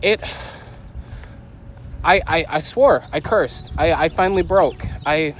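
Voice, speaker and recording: Agitated high-voiced man venting outdoors. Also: slow pace, slight background noise, poor audio. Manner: agitated, venting, quotes people in raised voices. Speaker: podcast host. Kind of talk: casual angry storytelling vlog.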